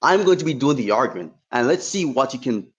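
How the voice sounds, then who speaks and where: A man's voice: medium pitch, very animated, quick pace, slightly rough. A man debating heatedly in an online voice chat. He swears freely and trash-talks his opponent while laying out his points step by step. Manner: combative, profane trash talk.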